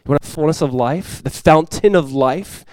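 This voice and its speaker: A young adult man, a pastor, preaching a sermon in a casual, animated storytelling way. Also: a little high, normal speed, dry recording, low-quality recording.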